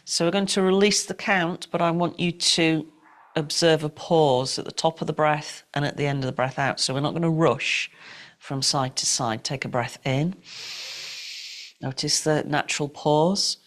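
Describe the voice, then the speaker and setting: A middle-aged woman teaching yoga and breathwork, giving calm, unhurried, gently directive cues for breathing and movement. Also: deep voice. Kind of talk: guided breathwork and yoga instruction.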